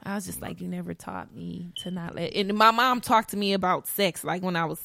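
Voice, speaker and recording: A woman's voice: on the low side, brisk, gravelly, sharp tone, no room sound. A woman in a casual conversation, frank and supportive, often giving brief affirmations.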